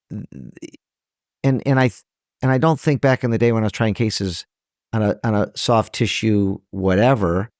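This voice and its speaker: In a conversational podcast interview, a middle-aged Michigan trial lawyer talks with earnest emotion, frequently starting sentences over and correcting himself. His fairly low voice is captured in a dry, studio-quality recording.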